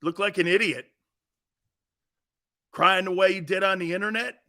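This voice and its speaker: A man's voice: sits high, steady tone, moderate pace, sharp tone. A man hosting a sports talk show, blunt and brash, trash-talking callers and hammering his points home with a repeated "Okay?".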